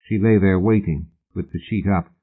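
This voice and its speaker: Husky low-voiced male narrator. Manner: measured, literary. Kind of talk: audiobook narration. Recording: husky voice on a tinny phone-like line.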